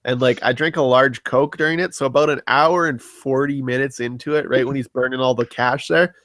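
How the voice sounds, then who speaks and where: A man co-hosting a casual movie podcast, telling stories in a relaxed way with swearing and laughs. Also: mid-range voice, fairly quick, no room sound. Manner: laid-back storyteller, swears and laughs. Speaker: podcast co-host. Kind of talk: casual chat about movies.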